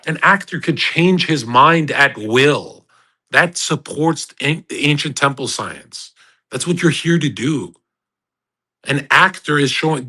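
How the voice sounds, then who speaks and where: Husky man preaching boastfully. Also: mid-range voice, fairly bright tone, poor audio. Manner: boastful, provocative and preachy, with many restarts. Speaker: host of a live audio chat room. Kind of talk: casual rambling monologue. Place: online audio room.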